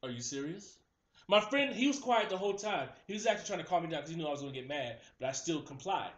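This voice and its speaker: A young man in casual chat, telling a story in an animated way and acting out the people in it. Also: a little high, fast talker, roomy sound. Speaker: host.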